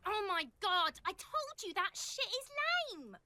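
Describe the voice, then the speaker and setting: A man's voice: very high voice, big pitch swings, takes it slowly, pushed and bright, dry recording, pitched above the performer's own voice, exaggerated voice. A man voicing a taunting boy sidekick in a game playthrough, squealing and mocking.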